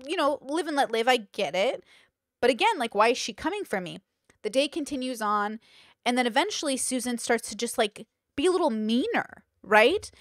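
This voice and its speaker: A woman's voice: a little high, animated, normal speed, no echo, studio quality. A woman hosting a podcast, talking in a casual, emphatic monologue with many rhetorical questions. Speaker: podcast host.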